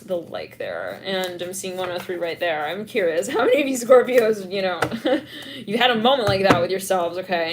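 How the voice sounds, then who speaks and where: A woman's voice: mid-range voice, noisy background. A young adult woman doing a live-streamed tarot reading, rambling with lots of "like" and acting out little scenes with giggles. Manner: animated, acts out scenes, giggles often; heavy filler "like", rambling. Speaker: tarot reader.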